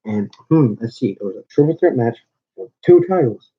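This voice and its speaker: A man at a mid-range pitch delivering a combative call-out rant, rambling and restarting as he goes. The recording is dull and lo-fi, with the top end muffled. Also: animated, normal speed, mellow, slightly rough. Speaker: owner of a small wrestling channel.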